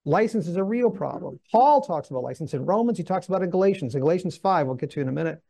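A man teaching through a Bible book in a lively, conversational way, acting out the voices he quotes. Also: high voice, very fast, gravelly. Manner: animated, acts out quoted voices; conversational with restarts.

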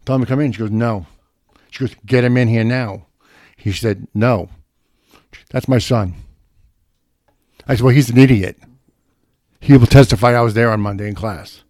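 A man's voice: medium pitch, normal speed, long pauses, darkish tone, no room sound, clean studio sound. A middle-aged man telling a profane, brash story in casual chat.

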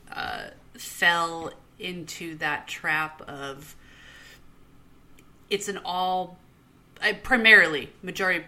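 A woman in her thirties co-hosting a podcast, chatting casually, blunt and profane, quick to laugh. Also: on the low side, sharp tone. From United States. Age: 30s. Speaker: podcast co-host. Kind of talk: casual chat.

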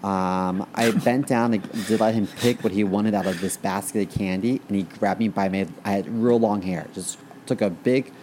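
A man's voice: on the low side, steady tone, normal speed, few pauses, darkish tone, a little hiss or hum. A man co-hosting a casual podcast, telling stories in a blunt, profane way. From Chicago. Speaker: podcast co-host.

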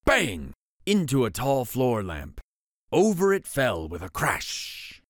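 A man reads a bedtime picture book aloud as host of a story show. His pitch swoops widely as he tells the tale with voices. The sound is dry and close, with no room echo. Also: wildly swooping pitch, slow.

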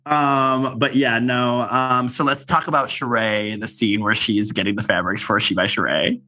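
Chatty young man with a bright voice. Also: mid-range voice, normal speed. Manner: animated gossip, many filler "like"s. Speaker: podcast co-host. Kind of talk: casual chat.

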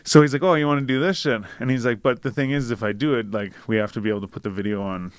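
Young man, casual chat, rambling profane storyteller, mid-pitched voice, dead dry recording. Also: racing, clear, resonant tone, no echo. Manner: rambling, profane, animated anecdote-telling.

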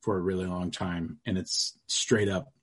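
A man's voice: sits low, flat delivery, unhurried, fairly bright tone. A middle-aged man, a guest on a podcast, chatting casually in a loose, crude storytelling way. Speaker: guest, comic book creator.

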